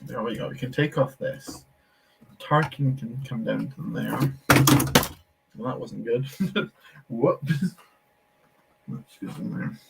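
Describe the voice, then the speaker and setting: A man's voice: medium pitch, slow, vocal fry, long pauses, noisy background. Man, live stream host, chatty, reads chat aloud, laughs a lot, casual building talk. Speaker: Lego streamer.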